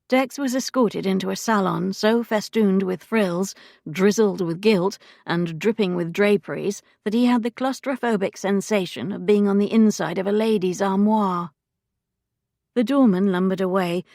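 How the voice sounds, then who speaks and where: A woman narrating a historical romance audiobook in a measured, wry storytelling manner. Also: fairly low pitch, creaky, a little mellow, dry recording, clean studio sound. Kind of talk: scripted narration.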